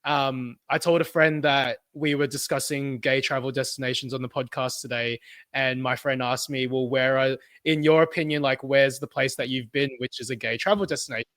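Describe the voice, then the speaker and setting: An Australian man in his thirties co-hosting a podcast, enthusiastic and quick to laugh. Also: medium pitch, fairly even intonation, a bit bright, dry recording. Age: 30s. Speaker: podcast co-host. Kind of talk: casual chat.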